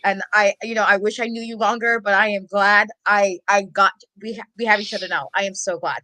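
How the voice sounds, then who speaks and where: A woman's voice: mid-range voice, steady tone, a little fast, few pauses, pushed and bright, no room sound, rough recording. A woman co-host giving a heartfelt tribute to a friend, crying and laughing as she talks. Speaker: podcast co-host. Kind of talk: emotional tribute in casual chat.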